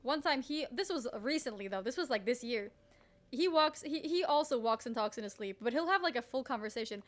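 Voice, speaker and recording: A young woman streamer telling a story in casual chat, animated, swearing freely and leaning on "like" a lot. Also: high-pitched, a little fast. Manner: animated, swears freely, heavy use of "like", laughs often.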